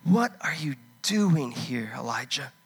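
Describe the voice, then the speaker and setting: A man acting out God, gently and slowly questioning a prophet who hides, sometimes sinking to a whisper. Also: medium pitch, expressive, husky, voice pushed down, heavily acted. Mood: searching. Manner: slow, repeated questioning, drops to a whisper.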